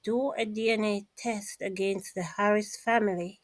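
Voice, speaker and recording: A woman's voice: medium pitch, steady tone, normal speed, dry recording, poor audio. A woman vlogger giving a casual commentary monologue, emphatic and repetitive, speaking straight to her listeners.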